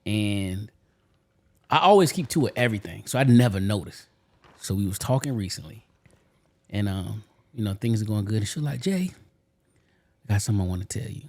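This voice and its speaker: Laid-back low-voiced man telling stories. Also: expressive, brisk, creaky, pauses often. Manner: laid-back, slangy, laughs through stories. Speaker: podcast co-host. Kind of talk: casual chat and storytelling.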